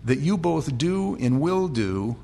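An American man preaching a conversational Bible sermon, chatty with restarts, sometimes building to loud, impassioned storytelling. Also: on the high side, sing-song, slow, vocal fry, slight background noise. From United States. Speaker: pastor.

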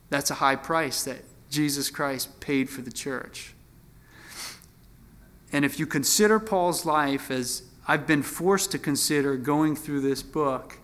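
A pastor delivers a sermon in an easygoing, folksy manner, talking to his congregation like friends. His voice sits a little high for a man and has a bright, forceful edge. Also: slow. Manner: conversational, folksy preaching with fillers.

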